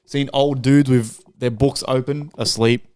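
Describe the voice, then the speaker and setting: An Australian man talking loudly and swearing freely, with jokey banter, as a guest on a podcast. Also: mid-range voice, fairly even intonation, measured pace, clean tone, no room sound. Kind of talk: casual podcast chat.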